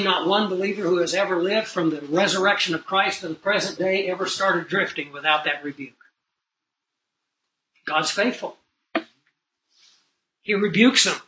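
A middle-aged man preaching a sermon in an earnest storytelling way, swinging between loud emphasis and low asides. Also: a little hiss or hum, rough recording.

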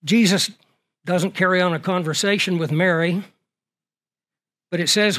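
A man delivers a sermon in a fairly high voice. He is earnest and works through rhetorical questions, letting his volume swell and then drop low for emphasis. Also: steady tone, measured pace, long pauses, fairly bright tone. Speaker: preacher.

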